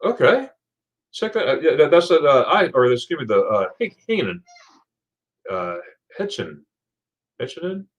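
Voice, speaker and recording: A man's voice: mid-range voice, huge pitch swings, normal speed, pauses often. A man hosting a casual livestream, chatting loosely, laughing often and reading viewer comments aloud. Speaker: livestream host.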